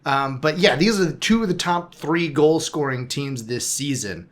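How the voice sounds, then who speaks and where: A man's voice: fairly high pitch, lively intonation, moderate pace. A man co-hosting a casual football podcast, chatting in a wry, self-deprecating way about his team's results. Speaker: podcast co-host. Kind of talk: casual sports chat.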